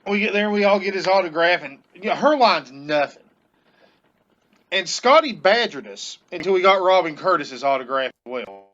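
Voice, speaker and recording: A man with a notably high voice tells a convention memory in a matter-of-fact way. The sound is dull and lo-fi. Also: expressive, normal speed, fairly bright tone. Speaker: podcast guest. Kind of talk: casual storytelling chat.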